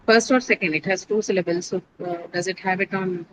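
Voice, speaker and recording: A woman's voice: medium pitch, fairly even intonation, fairly quick, slight background noise, poor audio. Woman teacher explaining word stress. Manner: explains step by step, spells out letters, asks students questions. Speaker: English teacher. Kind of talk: online class lesson on word stress.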